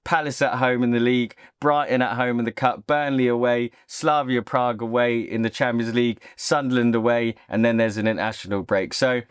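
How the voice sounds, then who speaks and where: A man's voice: medium pitch, steady tone, fairly quick, hardly any pauses, clear, resonant tone, no echo, clean studio sound. A man hosting his own football channel, giving an opinionated, casual reaction monologue. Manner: opinionated, talks straight to camera.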